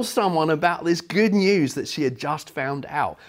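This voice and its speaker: A middle-aged man preaching a sermon, telling stories with animated delivery. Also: on the high side, normal speed, few pauses. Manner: storytelling, animated, voices quotes.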